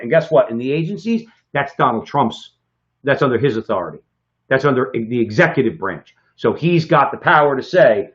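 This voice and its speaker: This medium-pitched man co-hosts a political talk show, talking emphatically and tacking on "okay?" for emphasis. He sounds animated and fairly quick, and the lo-fi recording is slightly dull.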